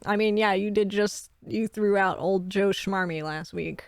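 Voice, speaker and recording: A woman's voice: mid-range voice, measured pace, no echo, clean studio sound, lightly acted. A woman voicing a motherly innkeeper who talks in a folksy, doting way. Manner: folksy, doting, calls people hon. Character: motherly middle-aged innkeeper woman, homey.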